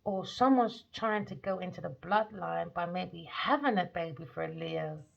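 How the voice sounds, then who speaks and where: A woman talks through a tarot reading in a rambling, emphatic monologue full of slang. Her voice has a gravelly fry to it. The recording sounds dull and lo-fi. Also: on the low side, normal speed. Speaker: tarot reader.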